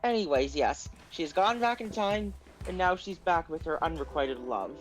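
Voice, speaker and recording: A woman's voice: on the low side, expressive, moderate pace, soft background music, low-quality recording. A woman co-streaming a story game, chatting in a blunt, joking way and swearing casually. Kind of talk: casual chat while playing a game.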